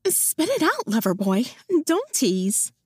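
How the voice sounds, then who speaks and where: A woman voicing a sharp-tongued woman in her late twenties in an audiobook, full of sarcastic, cheeky banter. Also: on the high side, huge pitch swings, slow, slightly rough, no echo, clean studio sound, exaggerated voice. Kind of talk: audiobook character voice.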